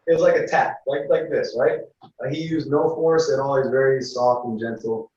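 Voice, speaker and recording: A man, an interview guest, telling a story in a casual, halting way and acting out what others said. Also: medium pitch, echoey room, far from the mic, muffled recording, a little hiss or hum. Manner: animated, halting storytelling that acts out others' lines.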